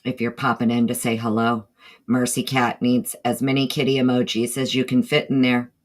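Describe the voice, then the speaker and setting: A woman with a Southern drawl hosts a relaxed livestream chat. She talks loosely, wandering between her thoughts and greeting members of the chat by name as they arrive. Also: rumbling low, moderate pace. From northeastern United States. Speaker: livestream host.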